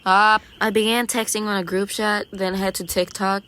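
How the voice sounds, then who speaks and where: A woman narrating her own video in a playful, goofy way, stammering and making up silly words, swinging between lively bursts and low mumbles. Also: normal speed. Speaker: vlogger. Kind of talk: casual voice-over narration of a video.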